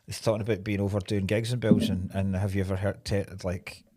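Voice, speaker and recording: A man's voice: on the low side, brisk. A man co-hosting a comedy podcast, chatting casually and laughing often. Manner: giggly, animated, laughs often.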